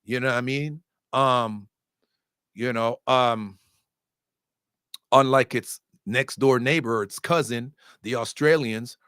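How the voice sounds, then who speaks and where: Lively, joking man giving boxing opinions. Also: medium pitch, takes it slowly, long pauses, clear, resonant tone, no room sound, studio quality. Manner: animated, profane and joking, with sudden loud outbursts. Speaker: boxing commentator. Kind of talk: casual opinionated commentary.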